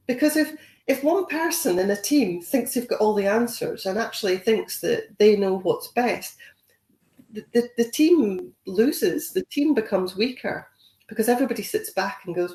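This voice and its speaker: A woman's voice: mid-range voice, animated, normal speed, darkish tone, reverberant. A woman giving a conversational training webinar, encouraging and full of "you know" fillers. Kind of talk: webinar talk.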